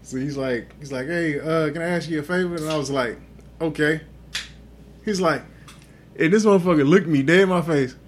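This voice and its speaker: A man's voice: a little high, moderate pace, a little hiss or hum. A man co-hosting a podcast, tipsy and telling a profane story with lots of acted-out dialogue. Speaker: podcast co-host. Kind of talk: casual drunk storytelling chat.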